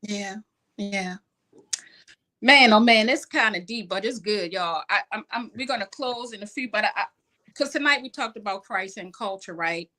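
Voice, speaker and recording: A woman hosting a talk show, lively and quick to laugh, chatting casually with her guest. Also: medium pitch. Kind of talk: casual chat.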